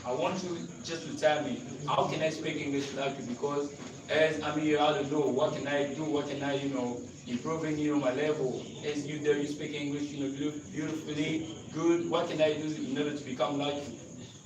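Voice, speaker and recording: A man's voice: fairly high pitch, steady tone, moderate pace. A man on a panel asking a student questions in a hesitant, rambling way with many fillers. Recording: far-off echoey room with background noise.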